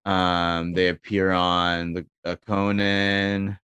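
A man in casual chat, pitching comedy scenarios and acting out bits of dialogue. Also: monotone, slow pace, sharp tone, smooth, no room sound.

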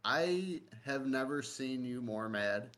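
A man's voice: mid-range voice, animated, slow pace, fairly bright tone. Easygoing man reminiscing with friends. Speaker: podcast guest. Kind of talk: casual chat.

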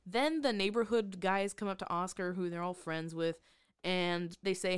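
A woman co-hosting a podcast in casual chat, recapping a show with sarcastic, exasperated asides and quick laughs. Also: on the low side, clear, resonant tone, no echo, clean studio sound. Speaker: podcast co-host.

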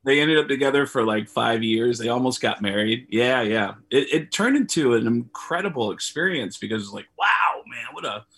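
A man's voice: mid-range voice, animated, moderate pace, few pauses, a bit bright, breathy edge. A man, a comedian guest on a video call, telling rambling anecdotes and acting out the voices of people he quotes. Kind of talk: casual storytelling.

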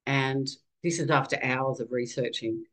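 An Australian woman in her fifties, a podcast guest telling her own story in a candid, animated conversational way. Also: extremely low pitch, moderate pace, poor audio. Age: 50s.

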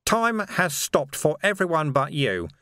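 A man voicing a calm, patient old male monk who speaks in a matter-of-fact way. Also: high voice, normal speed, dry recording, clean studio sound, pitched above the performer's own voice.

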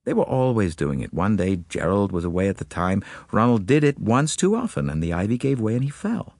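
A man's voice: lowish voice, very animated, brisk, vocal fry, darkish tone, dry recording, clean studio sound, heavily acted. A man voicing a worried mother of two boys, speaking urgently in an audiobook.

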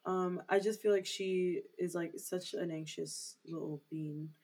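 A woman's voice: fairly low pitch, steady tone, a little slow, darkish tone, husky. A young woman co-hosting a casual podcast, rambling with lots of "like" fillers. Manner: rambling, heavy use of "like" fillers. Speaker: podcast co-host. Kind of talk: casual chat.

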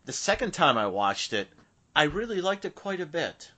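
A man co-hosting a podcast in casual chat about a TV movie, talking haltingly with restarts. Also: a little high, very animated, pushed and bright. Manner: halting, with restarts and "you know". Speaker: podcast co-host.

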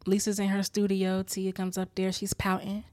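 Animated woman recapping a show, dry sound. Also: mid-range voice, moderate pace, no room sound. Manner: animated, laughing, acting out character lines. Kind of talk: casual recap chat.

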